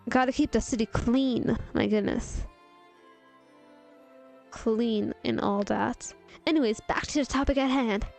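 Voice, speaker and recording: A young woman reads a fanfiction aloud in a casual, giggly manner, pausing to react to the story. Her voice sits fairly high. Faint music plays in the background. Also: creaky, a little mellow. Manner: playful, giggly, breaks off to comment. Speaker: VTuber reading fanfiction. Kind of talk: casual dramatic reading of fanfiction.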